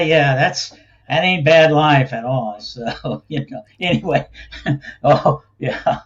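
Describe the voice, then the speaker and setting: A man's voice: a little high, takes it slowly, lo-fi sound. A man speaking as a guest in a casual interview, rambling in a folksy way and laughing often. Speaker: guest, think tank cofounder.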